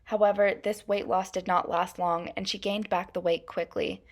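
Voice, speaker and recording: A young adult woman presenting as a student, reading her class presentation in a steady, measured way with frequent hedging phrases. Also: mid-range voice.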